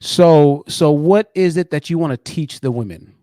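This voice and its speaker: Mocking, higher-pitched man host. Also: moderate pace, warm tone, no echo, clean studio sound. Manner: mocking, pressing, repeats words. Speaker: channel host. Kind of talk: live-stream call-in debate.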